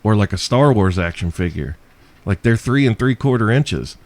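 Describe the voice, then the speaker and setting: A man's voice: fairly low pitch, animated, normal speed, a little mellow, no echo. A man hosting a solo podcast, answering listener questions in a profane, sarcastic ranting manner. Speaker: podcast host.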